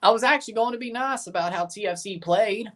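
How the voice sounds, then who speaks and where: A man's voice: high voice, fast talker, fairly bright tone. Chatty man reacting to a live soccer match. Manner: chatty, reads chat aloud, sarcastic asides. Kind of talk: casual live watchalong commentary.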